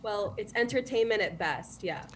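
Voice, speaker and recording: A woman's voice: mid-range voice, expressive, normal speed, very noisy. Soothing-voiced hesitant woman caller. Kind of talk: call-in conversation.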